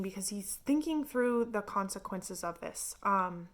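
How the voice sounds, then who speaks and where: A woman's voice: mid-range voice, moderate pace, few pauses, fairly bright tone. A woman reviewing a novel in casual, chatty talk full of filler words. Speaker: book reviewer. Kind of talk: casual chat.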